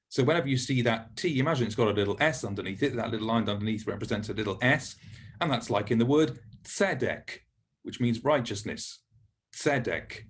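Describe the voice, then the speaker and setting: Male teacher, husky tone, patient and encouraging, lesson narration with words modeled slowly. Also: mid-range voice. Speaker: Hebrew teacher.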